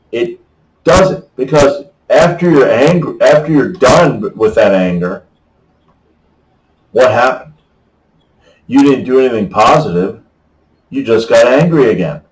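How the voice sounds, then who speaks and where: Slow, folksy man in an echoey room. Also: medium pitch, distant mic. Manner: rambling, folksy, keeps asking "okay?". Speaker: faith vlogger. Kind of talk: casual Bible talk to camera.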